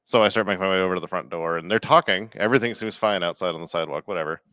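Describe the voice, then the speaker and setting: Podcast guy telling a bar story, lowish voice, acts out the lines, dead dry room. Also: rapid-fire, no echo. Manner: animated, acts out quotes with big jumps in pitch. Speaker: podcast co-host, bar worker. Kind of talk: casual storytelling.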